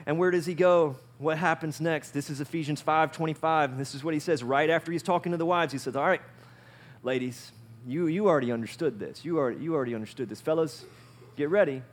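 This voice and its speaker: Guy pastor preaching, kinda high voice, animated, keeps throwing questions at the crowd. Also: fast. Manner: animated, asks the audience questions. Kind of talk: sermon.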